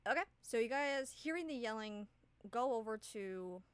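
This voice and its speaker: A woman's voice: on the high side, animated, moderate pace, clear, resonant tone. Casual rambling woman game master. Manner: casual, rambling, swears freely. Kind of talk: narrating a tabletop game.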